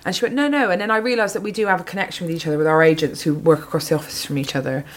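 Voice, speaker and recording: A lower-voiced comedian guest from Bristol, England, with a Bristol English accent, tells stories very fast in casual podcast chat. Her anecdotes are animated, she swears freely, and she laughs often.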